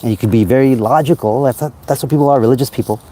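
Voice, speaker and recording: A man's voice: medium pitch, rapid-fire, mellow. Man rambling on a livestream. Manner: rambling, self-help musings. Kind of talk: casual livestream monologue. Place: outdoors at night by a parked car. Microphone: phone.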